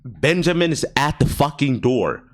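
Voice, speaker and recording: Young dude storytime vlog, cursing a lot, laughs, swoopy lively voice. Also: male voice, medium pitch, normal speed. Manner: slangy and profane, laughing, dropping to a near-whisper. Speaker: vlogger. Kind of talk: casual storytime chat.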